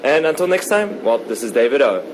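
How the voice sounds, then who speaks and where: A male radio reporter interviewing someone outdoors in a park, asking questions in a brisk, upbeat way. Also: mid-range voice, big pitch swings, loud music behind the voice, low-quality recording. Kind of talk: on-location street interview.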